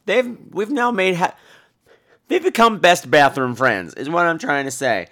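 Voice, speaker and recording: A man hosting a podcast, telling a funny, profane story in an animated way. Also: fairly high pitch, measured pace. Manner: animated, profane, jumps between voices. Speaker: podcast host. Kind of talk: comic storytelling.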